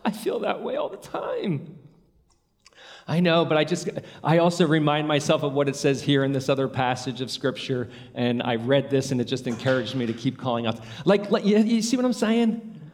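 A man's voice: mid-range voice, a little fast, a little mellow, in a large hall. A man preaching a sermon, earnest and storytelling, rising to emphatic peaks.

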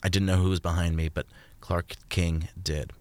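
Low-voiced man narrating a story. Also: flat delivery, moderate pace, background noise. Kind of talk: first-person story narration. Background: faint music.

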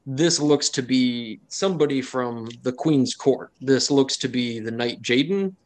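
A man narrating a tabletop role-playing game as game master, chatty and quick to laugh. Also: medium pitch. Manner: chatty, laughs often, many fillers.

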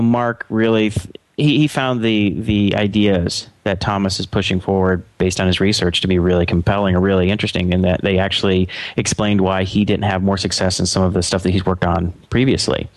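A man co-hosting a casual tech podcast, talking haltingly with many restarts and rambling asides. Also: on the low side, smooth, dry recording. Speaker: podcast co-host.

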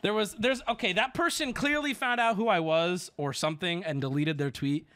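A male streamer in casual commentary, telling a story in a sarcastic, profane, animated way. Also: high voice, normal speed.

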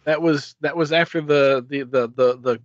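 A man's voice: a little high, fairly even intonation, moderate pace, no room sound. A man co-hosting a podcast, explaining things eagerly with stammering restarts. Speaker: podcast co-host. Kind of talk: casual chat. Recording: dull lo-fi sound.

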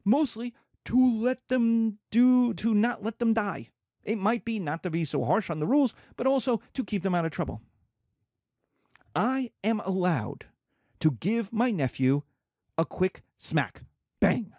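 A man's voice: high voice, animated, measured pace, mellow, no room sound, studio quality. A man lecturing as a professor, asking and answering his own questions and acting out little scenes. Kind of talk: lecture to students.

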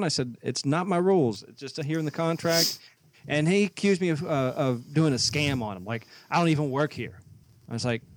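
Recorded with no room sound, a man with a voice on the high side co-hosts a podcast. Telling a story in relaxed chat, he plays out both sides of a dispute.

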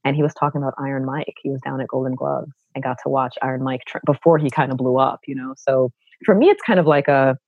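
A middle-aged woman from Brooklyn with a low contralto voice tells her stories as a podcast guest. She is animated and expressive and acts out the voices she quotes. The audio is dry and a little dull, like a remote call. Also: quick pace, dry recording. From Brooklyn, New York. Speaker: guest, actor and educator. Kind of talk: conversational interview storytelling.

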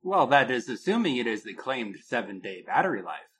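A man co-hosting a casual podcast, telling a product story with a lot of pitch movement and laughing at his own jokes. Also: sing-song, brisk, fairly bright tone, husky. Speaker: podcast co-host.

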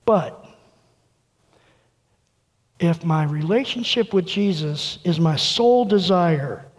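A man pastor preaching a sermon with earnest delivery, going quiet and soft when quoting. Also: fairly high pitch, lively intonation, slow pace. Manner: earnest preaching, dropping soft for quoted words. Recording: long reverb of a large room.

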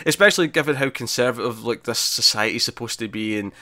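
A man hosting a podcast, retelling a TV episode in casual chat, animated and laughing, with many fillers and restarts. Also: medium pitch, fast, dry recording. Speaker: podcast host reviewing a TV episode.

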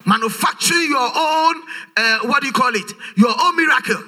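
A man's voice: very high-pitched, animated, moderate pace, bright, forceful tone. A man preaching a sermon, emphatic and full of rhetorical questions, his voice rising in a sing-song way. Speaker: pastor.

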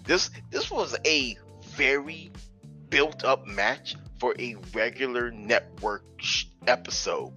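A man co-hosting a casual wrestling podcast, talking in an animated, profane, joking way. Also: medium pitch, slow, faint music behind. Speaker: podcast co-host.

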